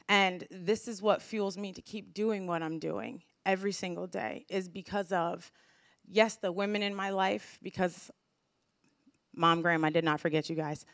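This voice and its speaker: A woman's voice: fairly low pitch, normal speed, dry recording, studio quality. Grateful woman giving a heartfelt speech. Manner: emotional, grateful, with many restarts. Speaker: community speaker. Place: community event hall.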